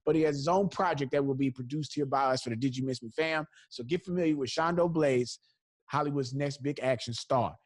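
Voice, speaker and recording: A medium-pitched man talks fairly quickly as a podcast host, in clean studio sound with no echo. He tells a comedic story, animatedly acting out the voices of the people in it.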